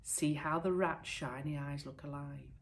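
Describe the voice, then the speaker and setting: A woman's voice: sits low, fairly even intonation, measured pace, vocal fry, a little hiss or hum. A woman reading a storybook aloud, voicing an eager young male tailor who coaxes and shows off his work. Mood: coaxing. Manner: coaxing, showing off his work.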